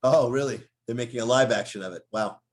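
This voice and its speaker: A man's voice: medium pitch, fast talker. A middle-aged man, a voice actor, telling stories in a casual interview and slipping into character voices. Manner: animated storyteller who drops into character voices.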